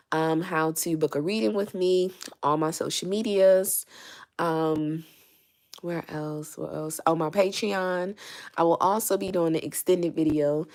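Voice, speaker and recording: A woman's voice: deep voice, a little mellow. A young woman giving a casual tarot reading, chatty and full of ums and okays, a little out of breath. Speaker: tarot reader.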